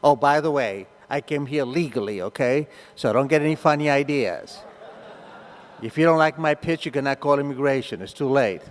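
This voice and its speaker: A man's voice: mid-range voice, normal speed. Joking man in his sixties, echoing hall. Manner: joking, conversational asides. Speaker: speaker at a recovery meeting. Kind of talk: personal story told to an audience. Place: meeting hall. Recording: long hall reverb.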